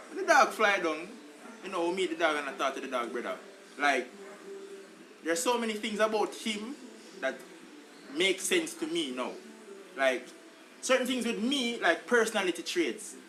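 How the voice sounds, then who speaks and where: A Jamaican man co-hosts a podcast, chatting animatedly in patois and calling everyone "brother" again and again. His voice sits on the high side, and the poor audio carries slight background noise.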